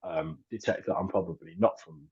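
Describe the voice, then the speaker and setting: Male guest, 30s, low-pitched, hesitant and filler-heavy; muffled lo-fi recording. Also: brisk, a little mellow, husky. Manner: hesitant, many fillers and restarts. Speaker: actor and filmmaker guest. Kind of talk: casual interview chat. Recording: dull lo-fi audio.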